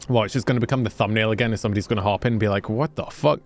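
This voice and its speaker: A Scottish man streaming a game, chatting casually with his viewers, joking and swearing freely as he plays. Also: fairly low pitch. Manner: chatty, joking, swears freely, talks to chat while playing.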